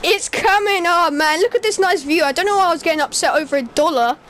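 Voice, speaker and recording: A woman giving playful, excitable gaming commentary on a headset. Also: extremely high pitch, quick pace, a little hiss or hum. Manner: excitable, playful, slangy, often laughing. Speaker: gamer.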